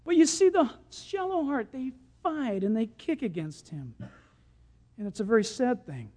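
Animated preacher with lively pitch. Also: normal speed. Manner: animated storytelling, swings from loud to hushed. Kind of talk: sermon.

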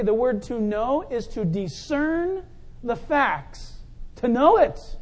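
A man preaching a sermon, animated, acting out the crowd's shouts and stepping in and out of the voices of the scene. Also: very high-pitched, measured pace. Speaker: pastor.

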